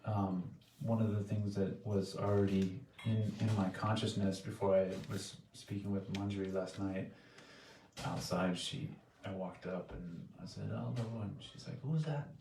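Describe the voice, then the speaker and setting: A man with a deep, fairly even voice speaks earnestly and softly in a temple hall, often pausing and restarting his thoughts. He is picked up from a distance, so the room echoes around him. A faint noise sits under the recording. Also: gravelly. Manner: earnest, soft-spoken, halting with restarts. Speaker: devotee giving a spoken offering. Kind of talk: heartfelt devotional sharing.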